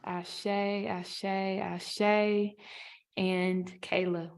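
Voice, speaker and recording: A woman moderating a panel on a video call, affirming speakers and posing measured prompts with a few fillers. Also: mid-range voice, little pitch movement, vocal fry.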